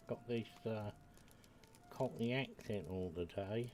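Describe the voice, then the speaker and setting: A man's voice: on the low side, slow pace, a little mellow, slight background noise. An older man from the United Kingdom, chatting and rambling to himself as he streams a game. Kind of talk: casual live-stream commentary while playing.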